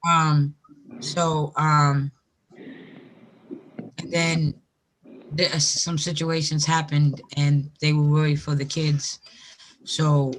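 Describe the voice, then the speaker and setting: A woman's voice: deep voice, level tone, takes it slowly, pauses often, slight background noise. A woman in casual group chat, talking freely, swearing and laughing often.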